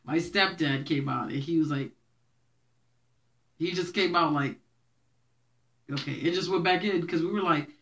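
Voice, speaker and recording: In a low-pitched voice, unhurried and broken by long pauses, a young vlogger recounts her childhood for viewers in a chatty, laugh-filled way. Haitian Creole was her childhood language; her family is Haitian and she grew up in Brooklyn.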